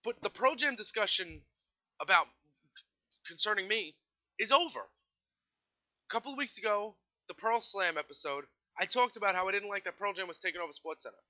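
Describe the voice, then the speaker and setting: A man's voice: high voice, animated, moderate pace, pauses often, muffled recording. A man hosting his own podcast, ranting sarcastically and swearing as he vents about a band his listeners keep mentioning. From United States. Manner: sarcastic, exasperated, swears freely. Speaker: podcast host. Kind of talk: casual solo podcast rant.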